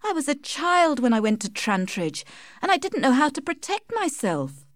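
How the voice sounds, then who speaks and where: A woman's voice: on the high side, expressive, normal speed, a little mellow, no room sound, clean studio sound, pitched above the performer's own voice, close to an everyday voice. A woman voicing a young village woman, ashamed and bitter, tearful and pleading in a raised voice. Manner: tearful, pleading, rising to anger.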